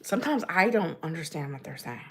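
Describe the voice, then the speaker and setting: A woman hosts a casual livestream from home, chatting loosely with her viewers. She laughs often and her voice jumps up brightly when she greets someone by name. Her delivery is relaxed and conversational. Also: low voice, brisk. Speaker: livestream host. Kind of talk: casual livestream chat reading comments. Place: home in New Jersey.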